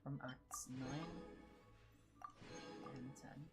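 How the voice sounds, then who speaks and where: A woman's voice: very deep voice, steady tone, extremely slow, loud music behind the voice. A young woman streaming a video game live, reacting emotionally with gushing commentary and lots of swearing.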